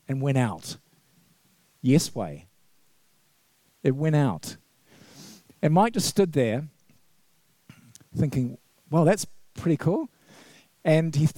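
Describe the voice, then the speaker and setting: A man's voice: on the high side, dark tone, no room sound. A middle-aged man, a vicar, preaching a conversational sermon full of anecdotes, laughing often and acting out the quotes. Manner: chatty storyteller, laughs often, acts out quotes. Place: church.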